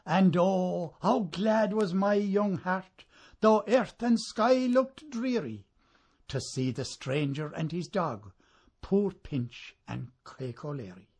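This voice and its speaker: A man reciting a narrative ballad in a measured way, letting lines trail off softly at the ends. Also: high-pitched, lively intonation, slightly rough. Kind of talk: poetry recitation.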